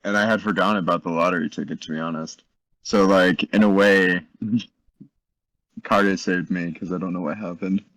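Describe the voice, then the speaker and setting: A man playing a tabletop game online, chatting in a relaxed and rambling way with a few hesitations. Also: sits low, normal speed, dry recording, poor audio. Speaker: player. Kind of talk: casual tabletop game chat.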